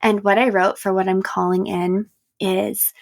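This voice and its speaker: A woman's voice: mid-range voice, level tone, measured pace, gravelly, dry recording, clean studio sound. A woman hosting her own podcast, chatting candidly and casually and laughing often. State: tired and yawning. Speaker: podcast host. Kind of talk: casual solo podcast chat.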